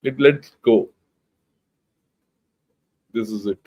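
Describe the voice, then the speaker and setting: Heard with the highs cut off, an older Indian-accented man speaks low and draws out his words. A retired general and channel host, he reads out news and talks informally in a blunt, emphatic, conversational manner with many restarts.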